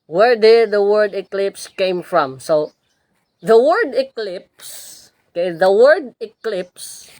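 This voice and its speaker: A woman's voice: mid-range voice, lively intonation, slow pace, a little mellow, no echo. A woman with a Filipino Cebuano accent giving a religious lecture, repeating key words and checking in with "okay?" as she goes. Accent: Filipino, Cebuano-speaking. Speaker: religious teacher.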